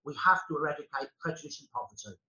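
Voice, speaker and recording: Birmingham man, bright forceful voice, fervent guest speaker, echoey muffled sound. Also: on the high side, lively intonation, fast. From Birmingham, England. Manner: passionate, emphatic, speechmaking. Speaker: historian guest. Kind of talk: conversation on a podcast panel.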